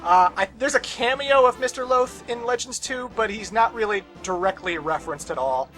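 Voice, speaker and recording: A man's voice: high-pitched, normal speed, fairly bright tone, soft background music. A young man commenting on a video game as he plays, casual and sarcastic, with ranting asides and swearing. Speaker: let's play host.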